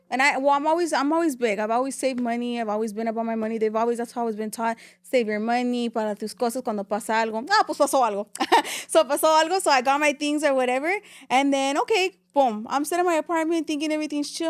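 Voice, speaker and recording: Fast-talking young woman. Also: sits high, no room sound, studio quality. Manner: rapid, animated, switching between English and Spanish. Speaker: podcast guest. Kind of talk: casual interview storytelling.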